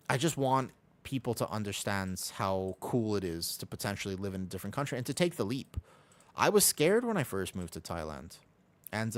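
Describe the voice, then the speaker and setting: Man, American, slightly low voice, casual gaming stream chat, rambling, hums, desk mic. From United States. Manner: rambling and chatty, hums to himself. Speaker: live streamer.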